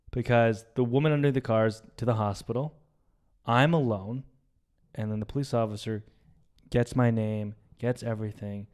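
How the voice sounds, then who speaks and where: Young man, smooth clear voice, medium pitch, animated casual storytelling. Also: normal speed. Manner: animated retelling, acts out quoted voices, swears. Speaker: podcast co-host.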